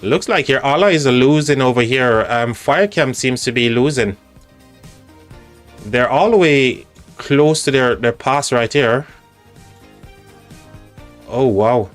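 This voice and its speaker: A man with an English accent hosting a live stream, chatting casually in a halting way with frequent restarts. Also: medium pitch, animated, soft background music.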